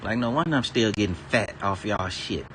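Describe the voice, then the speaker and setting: His voice is fairly low, a bit bright and expressive, moving at a moderate pace with slight background noise. Streaming, this man delivers a casual, rambling rant, swearing constantly, laughing occasionally between lines, and digressing freely across topics.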